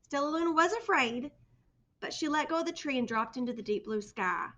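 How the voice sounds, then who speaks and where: Woman reading a storybook aloud, expressive, bright and a bit high. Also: fairly quick. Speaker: storybook reader. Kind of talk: children's book read-aloud.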